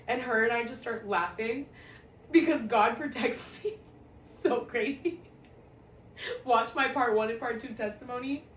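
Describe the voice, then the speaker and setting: A young woman telling a personal story in a casual, profane, animated way, often breaking into laughter, recorded at home. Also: on the high side, unhurried, long pauses. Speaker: storyteller vlogger. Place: at home, indoor room. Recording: echoey room, distant mic, faint hiss.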